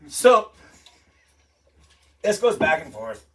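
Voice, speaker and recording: A man's voice: a little high, animated, normal speed, pushed and bright, slight background noise. A man performing a stand-up comedy set in a living room, retelling a story in a profane, rambling way full of asides. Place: living room with a home-built stage.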